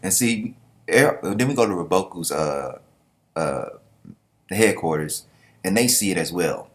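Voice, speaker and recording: A man casually reviewing a comic chapter, talking in an animated, joking, slangy way. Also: low voice, a little slow. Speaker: manga reviewer. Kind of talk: casual reaction commentary.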